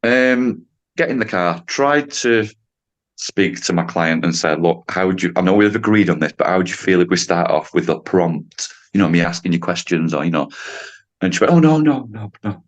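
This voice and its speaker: A man, a podcast guest and driving instructor telling a story in a lively, casual way, acting out what people said and laughing often. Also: deep voice, moderate pace. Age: 50s. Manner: animated storyteller, acts out quotes, laughs often.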